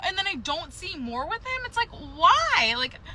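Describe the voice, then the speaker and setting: Bright-voiced hesitant young-sounding woman. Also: extremely high pitch, big pitch swings, moderate pace, no room sound, rough recording. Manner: hesitant, rambling, many fillers. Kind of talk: candid personal talk.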